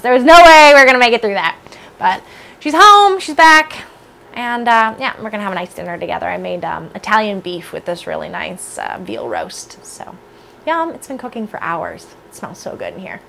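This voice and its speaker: A woman's voice: a little high, pushed and bright. A woman hosting a casual podcast from home, chatting in a rambling, self-deprecating way. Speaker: podcast host. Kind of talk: casual chat. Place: home basement room with space heater.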